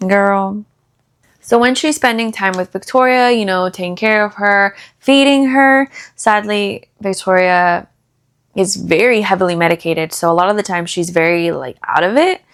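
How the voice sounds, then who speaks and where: A young woman talks through a book's plot as if gossiping with a friend. She is casual and animated, tossing in fillers and quick reactions as she retells each scene. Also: medium pitch. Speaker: book review vlogger. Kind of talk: casual chatty book review.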